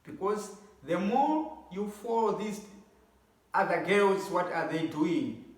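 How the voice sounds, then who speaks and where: A middle-aged man with a somewhat high voice speaks in a casual, preachy advice monologue. He hammers his points home by repeating them. The sound is very echoey, as if he stands back from the mic in a bare room. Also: animated, takes it slowly, far from the mic. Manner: preachy, repeats himself for emphasis. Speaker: advice vlogger.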